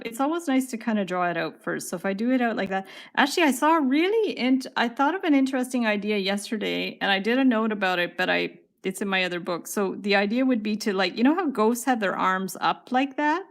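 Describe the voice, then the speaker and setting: A woman's voice: medium pitch, vocal fry. A middle-aged woman, hosting a casual livestream craft tutorial, chatting upbeat with viewers while she works. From Canada. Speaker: wire craft livestream host.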